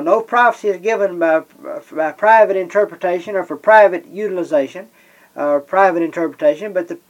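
A man preaching a Bible-teaching sermon. He slows down and leans on the scripture he reads, and pauses often with "uh". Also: sits high, dull audio. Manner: slows and stresses scripture readings, many "uh" pauses.

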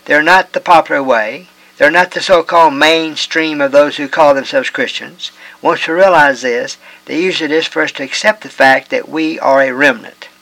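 A man giving a measured Bible teaching, reading scripture passages aloud in old-fashioned wording. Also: a little high, gravelly, a bit bright, dry recording, rough recording. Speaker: preacher.

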